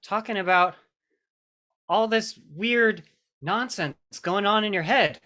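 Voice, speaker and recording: A man's voice: high-pitched, takes it slowly, sharp tone, exaggerated voice. An actor playing an earnest, clean-cut 1950s teen boy in a live improv comedy scene, talking in a wholesome, punning way. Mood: disapproving.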